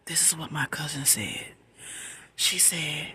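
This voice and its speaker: A middle-aged woman telling a personal story in a soft, breathy whisper, emphatic and conversational, repeating words for stress. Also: low voice, lively intonation, takes it slowly, long pauses.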